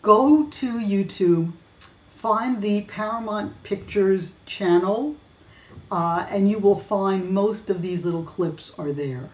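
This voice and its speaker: A woman's voice: medium pitch, slow pace, darkish tone. A woman hosting a weekly fan news videocast, talking casually and chattily with many fillers and restarts. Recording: roomy echo.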